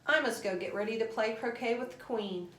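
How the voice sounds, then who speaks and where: A woman doing the Duchess, curt and hurried. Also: on the high side, fairly bright tone, natural voice. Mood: brusque. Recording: roomy echo.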